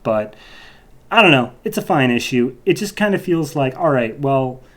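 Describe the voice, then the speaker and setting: A man's voice: mid-range voice, lively intonation, moderate pace, fairly bright tone. A man who reviews comic books, giving a loose, rambling podcast recap full of asides.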